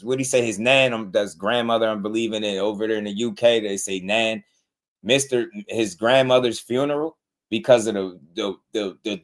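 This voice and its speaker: A man hosting a live boxing talk stream, ranting in a rambling, heated way with many repeated words. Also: lowish voice. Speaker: boxing talk show host. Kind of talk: casual livestream commentary.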